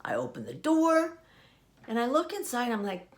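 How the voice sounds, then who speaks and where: Lively, laughing older woman storyteller. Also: a little high, normal speed. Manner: animated, laughs often while telling. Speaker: podcast host. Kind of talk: casual storytelling. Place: at home.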